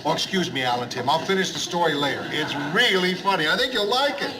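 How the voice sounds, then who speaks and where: An actor playing a gruff middle-aged bar owner who forces himself to be hearty and jovial, repeating his greetings in a 1970s studio sitcom. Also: fairly high pitch, lively intonation, quick pace, natural voice. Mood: forced cheer. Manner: overly hearty, repetitive greetings. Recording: hissy old TV soundtrack.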